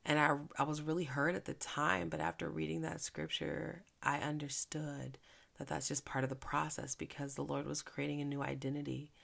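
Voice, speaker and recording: A woman from Philadelphia hosting a devotional podcast, talking in a chatty, earnest way and dropping to a soft hush when she gives thanks in prayer. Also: deep voice, level tone, normal speed, vocal fry. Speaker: faith podcast host and minister. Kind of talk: casual devotional podcast talk.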